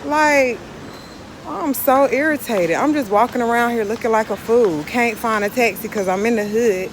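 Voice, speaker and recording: A woman's voice: on the high side, moderate pace. A woman vlogging outdoors on city streets, frank and irritated, hot and out of breath from walking. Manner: frank, irritated venting, then motivational. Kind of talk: casual vlog talk to camera. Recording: street noise under the voice. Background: street and traffic noise.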